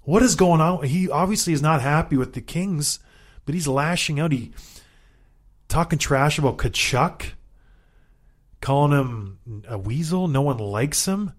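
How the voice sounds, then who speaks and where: A man in his thirties with a slightly higher voice than most men, co-hosting a sports talk show. He rants with animated exasperation and hammers his points home by repeating them. He talks like a former player in casual banter. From Canada. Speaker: co-host, former hockey player.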